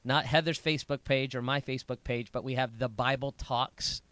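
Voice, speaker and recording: A man's voice: mid-range voice, steady tone, normal speed, a bit bright, no room sound. A man co-hosting a Bible podcast, chatting casually and teasing his co-host. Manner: joking, teasing banter. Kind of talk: casual chat about the Bible.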